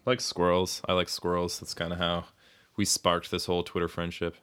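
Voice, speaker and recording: A low-pitched man talks loosely on a podcast, wandering through his thoughts with plenty of swearing and bursts of laughter. His voice has a bright, forceful edge. It comes across smooth and resonant. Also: normal speed. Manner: rambling, swears often, laughs mid-sentence. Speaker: podcast co-host. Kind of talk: casual chat.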